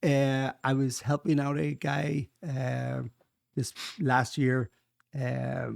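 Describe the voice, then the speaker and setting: A man's voice: mid-range voice, completely flat delivery, takes it slowly, creaky, darkish tone, no room sound, studio quality. A man in his sixties from Ireland with an Irish accent, chatting upbeat as a podcast guest and pub owner. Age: 60s. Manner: upbeat, chatty, swears freely. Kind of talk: casual chat.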